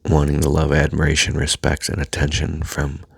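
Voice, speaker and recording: A man speaking in a soft, halting personal monologue that often drops to a near-whisper, with a husky voice. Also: a bass voice, monotone, dry recording. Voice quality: husky, gravelly. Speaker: self-help speaker.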